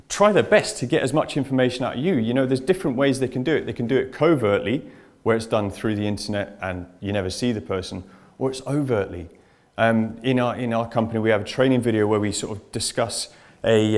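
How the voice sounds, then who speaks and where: A man speaking at a conference in front of a live audience. His delivery is chatty and anecdotal, and he speaks straight to the room. His voice sits at an ordinary middle pitch. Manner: chatty anecdotal storytelling, addresses audience directly. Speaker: information security speaker. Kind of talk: conference presentation.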